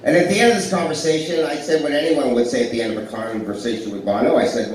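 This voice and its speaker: A male comedian in his forties telling rambling, self-deprecating stories from a club stage, with plenty of back-and-forth with the crowd. His voice sits at an ordinary middle pitch. The recording is very echoey and distant, with a faint murmur of the room behind him. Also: quick pace, darkish tone, slight background noise. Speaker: stand-up comedian. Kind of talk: live stand-up storytelling. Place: blues club stage with a live audience. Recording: echoey club heard from far off.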